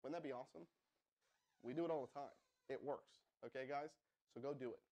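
A young man hosting a hyped live-stream marketing pitch, calling out to viewers and asking the chat to respond. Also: brisk, warm tone. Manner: pumped-up, addresses viewers as guys, asks the chat to respond. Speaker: livestream host.

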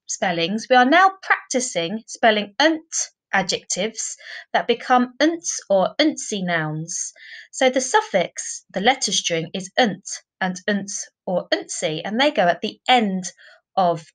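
A woman teaching a primary school class in a recorded online lesson, speaking clearly and patiently, often adding tag questions. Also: mid-range voice, very animated, measured pace, a bit bright, low-quality recording.

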